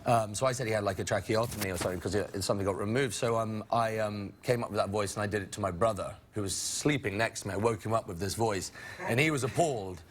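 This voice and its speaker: A man's voice: lowish voice, quick pace. A young man from England, an actor chatting as an interview guest, rambling and self-interrupting with frequent laughs. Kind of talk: casual interview chat.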